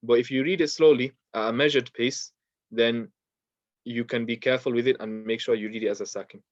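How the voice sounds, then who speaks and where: A man teaching a Quran pronunciation lesson, patiently explaining mistakes and repeating words slowly for practice. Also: mid-range voice, fairly even intonation, no echo. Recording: dull, dry lo-fi sound.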